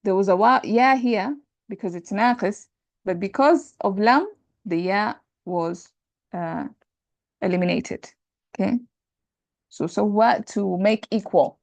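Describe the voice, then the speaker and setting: A woman's voice: medium pitch, normal speed, vocal fry, pauses often, a little mellow, no room sound. A woman teaching Arabic grammar, explaining patiently and checking in with her students. She switches between English and Arabic terms and repeats them often. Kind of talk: lecture on Arabic sentence parsing.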